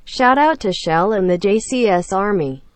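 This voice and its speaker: A synthetic woman's voice reading donation messages in a flat, robotic way. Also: medium pitch, normal speed, no room sound. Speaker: text-to-speech donation message.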